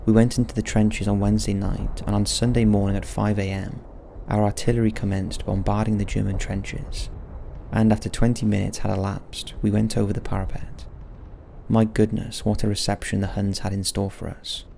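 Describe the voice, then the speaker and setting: A man giving solemn scripted narration of wartime letters, slow and grave in manner, with soft music underneath. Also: lowish voice, little pitch movement, gravelly, a little hiss or hum. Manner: slow, grave, measured delivery.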